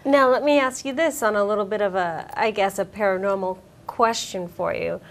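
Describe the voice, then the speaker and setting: A woman's voice: medium pitch, normal speed. A woman hosting an internet radio interview, chatty and supportive as she asks questions. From United States. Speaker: host.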